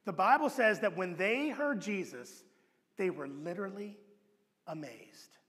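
A man preaching a sermon as pastor, telling the story with animated acted-out voices and dropping to a low hush for emphasis. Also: unhurried. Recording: long hall reverb.

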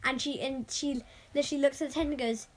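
A woman's voice: high-pitched, steady tone, quick pace, crowd noise. A woman co-hosting a podcast, chiming in with short remarks in casual chat. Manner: brief interjections and backchannel remarks. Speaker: podcast co-host.

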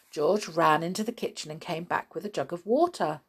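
A woman reading a children's story aloud with expressive, dramatic delivery. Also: lowish voice, fairly quick, few pauses, husky.

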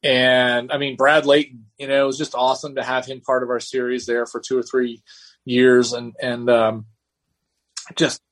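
A man's voice: medium pitch, little pitch movement, moderate pace, a bit bright. Male racer guest, loose rambling storyteller. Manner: rambling, many restarts, acts out quotes. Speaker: race car driver guest. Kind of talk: casual storytelling interview.

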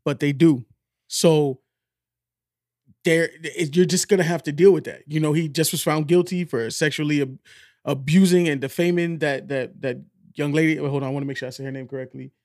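A man's voice: fairly high pitch, fairly even intonation, a little fast, darkish tone, no echo, clean studio sound. A man co-hosting a podcast, chatting casually and joking with loose, profane banter. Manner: joking, loose, swears freely. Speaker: podcast co-host. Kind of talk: casual chat.

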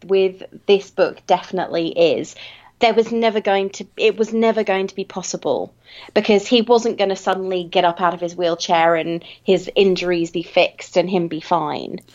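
Woman with a lowish voice, reflective. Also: fairly even intonation, darkish tone, muffled recording. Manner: measured, reflective, drawn-out phrasing. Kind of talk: casual book chat.

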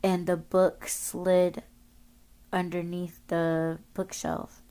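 A woman's voice: lowish voice, little pitch movement, drawn-out words, dark tone, clean tone. A woman podcast host telling a story casually, rambling, swearing often and using lots of filler words.

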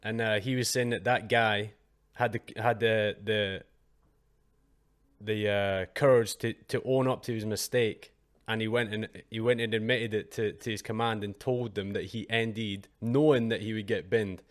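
A man's voice: fairly low pitch, steady tone, moderate pace. A man from the United Kingdom hosting a podcast, chatting casually with slang and hesitant restarts. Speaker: podcast host. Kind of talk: casual interview chat.

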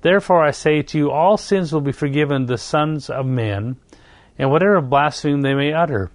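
A man's voice: a little high, normal speed, dry recording. Earnest male preacher, dry sound. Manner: earnest storytelling, repeats phrases, occasional self-corrections. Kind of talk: sermon with scripture reading and personal story.

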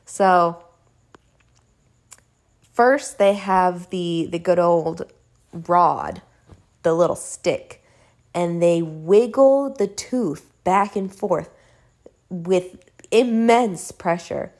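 Young adult woman, casual home vlogger, chatty and animated storyteller, sprinkles in swearing. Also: fairly low pitch, very slow, pauses often. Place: home room.

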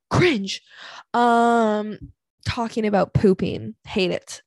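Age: 20s. Sex: woman. Role: podcast host. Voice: gravelly, dry close sound. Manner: blunt, profane, dramatic. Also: medium pitch, slow pace, darkish tone, dry recording. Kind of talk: candid solo podcast rant.

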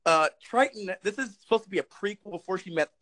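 A man's voice: sits high, animated, fast, a bit bright, no echo, poor audio. A young man co-hosting a casual chat, rambling with lots of fillers, swearing and laughing often. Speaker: podcast co-host.

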